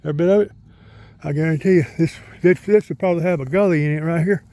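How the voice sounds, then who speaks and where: A man's voice: on the high side, quick pace, mellow. A middle-aged man, rambling in a folksy way while he walks outdoors and talks to his dog. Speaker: vlogger. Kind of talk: casual outdoor vlog. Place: outdoors in the countryside by a pond.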